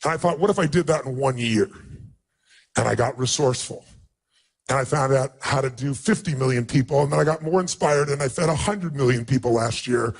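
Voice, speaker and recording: A man's voice: medium pitch, fairly quick, vocal fry. A man telling a personal story as a motivational speaker, emotional and emphatic, acting out quotes.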